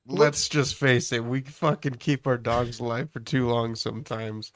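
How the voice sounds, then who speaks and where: A man's voice: mid-range voice, little pitch movement, unhurried, no echo, studio quality. A man co-hosting a podcast in casual chat, blunt and swearing heavily. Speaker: podcast co-host.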